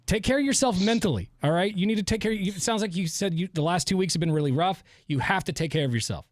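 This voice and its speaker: A man's voice: high voice, no echo, clean studio sound. A man hosting a morning radio show, joking and laughing with co-hosts and callers. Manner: fast, joking, laughs often.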